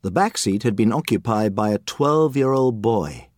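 Narrateur animé au débit expressif. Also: male voice, lowish voice, moderate pace, dry recording, clean studio sound. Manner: lively, expressive storytelling. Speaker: audiobook narrator. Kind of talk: scripted storybook narration.

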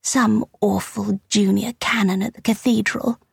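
A woman's voice: medium pitch, fairly even intonation, measured pace, vocal fry, slightly rough, dry recording, studio quality, pitched above the performer's own voice, heavily acted. A woman reading an audiobook voices a sly, spiteful elderly woman with a tiny, kittenish voice and a gossipy, catty manner.

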